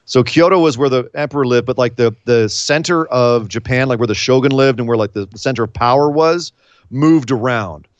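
An American man co-hosting a wrestling podcast, talking in a rambling, animated casual chat with many fillers. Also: mid-range voice, a little fast, no room sound, highs cut off. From United States.

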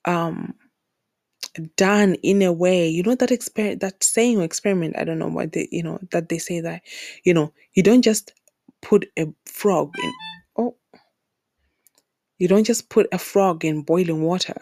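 Earnest low-voiced woman podcaster. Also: normal speed, warm tone, no echo, clean studio sound. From Zimbabwe. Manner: earnest, repeats words for emphasis. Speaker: podcast host. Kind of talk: heartfelt solo podcast talk.

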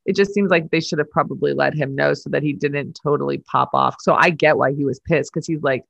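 A woman co-hosting a casual chat, animated and laughing, swearing and shouting out quoted lines. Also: low voice, brisk, gravelly, dry recording, muffled recording. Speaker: podcast co-host.

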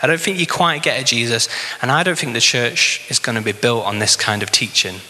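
A man's voice: medium pitch, fairly quick, sharp tone. A man voicing an impulsive, overconfident disciple who pleads with his teacher. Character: impulsive eager disciple Peter, grown man. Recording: long hall reverb.

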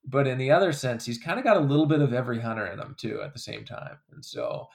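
A man's voice: mid-range voice, animated, fast, gravelly, darkish tone. A man as an interview guest, talking in a casual, rambling way with frequent restarts. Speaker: interview guest, creator of a comedy hunting character.

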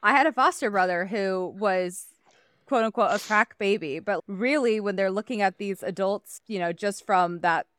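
A woman's voice: medium pitch, normal speed, fairly bright tone, clear, resonant tone, no echo. Rambling, swearing woman podcast co-host. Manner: rambling, loose, swears and laughs often. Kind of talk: casual chat.

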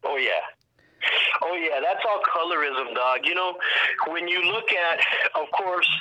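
A man on a podcast, telling animated stories in profane street slang and acting out what people said. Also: a little high, a little slow, muffled recording. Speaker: activist guest. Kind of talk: casual podcast storytelling.

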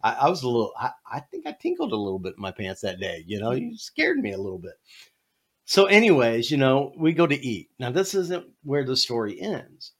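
Man, podcast host, animated comic storyteller, lively pitch. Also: fairly quick, few pauses. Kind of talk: casual storytelling.

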